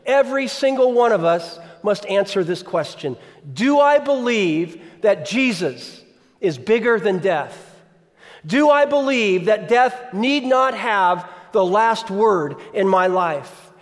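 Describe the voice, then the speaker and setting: A man's voice: sits high, animated, takes it slowly. A man preaching a sermon as pastor, conversational, often asking the congregation questions. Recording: long reverb of a large hall.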